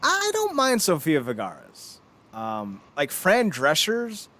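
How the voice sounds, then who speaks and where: His voice sits on the high side and he takes his time. He's a podcast host in his thirties, chatting casually, animated, cracking jokes and laughing plenty.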